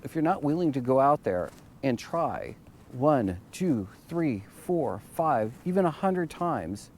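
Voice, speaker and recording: Halting, earnest motivational man. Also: medium pitch, warm tone. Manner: halting, repeats words while searching for them. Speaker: motivational vlogger. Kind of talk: casual motivational monologue.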